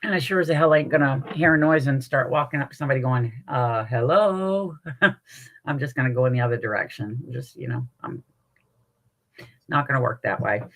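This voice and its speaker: A middle-aged woman hosting a live stream, telling stories to her chat in an animated, salty way and laughing often. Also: rumbling low, fast talker. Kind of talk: casual chat with viewers.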